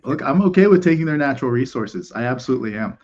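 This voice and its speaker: A man's voice: mid-range voice, lively intonation, quick pace, darkish tone, muffled recording. A man in casual political podcast chat, opinionated and ranting, with lots of "like" and swearing.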